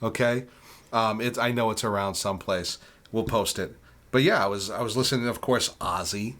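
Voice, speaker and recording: A man's voice: lowish voice, fairly quick, a bit bright. A man in his forties, co-hosting a podcast in an easygoing, agreeable way. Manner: laid-back, easygoing, agrees a lot. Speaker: podcast co-host. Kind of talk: casual chat.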